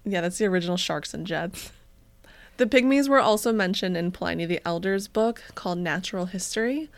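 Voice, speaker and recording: A woman's voice: fairly low pitch, a little fast, no room sound. Woman podcast cohost, joking around, laughing a lot, dry close sound. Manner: joking, storytelling, laughs often. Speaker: podcast co-host. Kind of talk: casual chat podcast.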